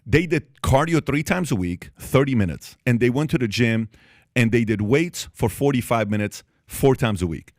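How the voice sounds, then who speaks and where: A man's voice: medium pitch, animated, moderate pace, no room sound, clean studio sound. A man hosting a podcast, debating and building his point through repeated, step-by-step examples. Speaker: podcast host. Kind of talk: animated debate.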